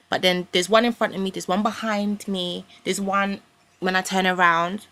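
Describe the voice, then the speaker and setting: A woman's voice: mid-range voice, level tone, normal speed, fairly bright tone. A young woman, ranting in a rambling, indignant way with casual slang as a vlogger. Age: young adult. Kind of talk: ranting to camera.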